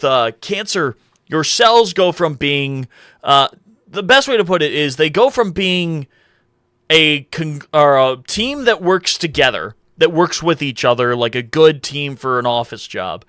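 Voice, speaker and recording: Young guy streaming, rambly, keeps correcting himself, bright bouncy voice, dry sound. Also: on the high side, big pitch swings, measured pace, dry recording. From United States. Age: 20s. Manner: rambling, self-correcting, reads chat aloud. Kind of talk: casual live-stream chat.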